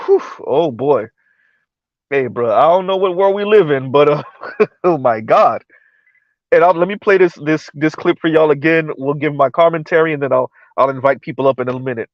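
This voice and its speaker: Brief: male live-stream host, stunned and animated commentary, dry close mic with a muffled, lo-fi tone. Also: a little high, moderate pace, dry recording. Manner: animated, incredulous, repeats words and restarts often.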